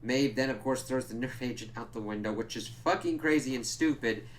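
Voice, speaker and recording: A man's voice: mid-range voice, fairly quick. Profane, exasperated man ranting. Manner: profane, exasperated ranting with sudden loud outbursts. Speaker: reviewer. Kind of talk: casual spoken TV episode review.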